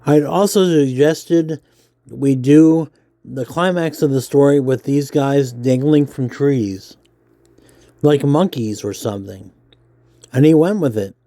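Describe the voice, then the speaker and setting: A man's voice: medium pitch, slow, dry recording, studio quality. Nerdy-sounding man reading aloud. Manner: self-described nerdy voice, relaxed with fillers. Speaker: comics vlogger. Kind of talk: casual reading aloud while drawing.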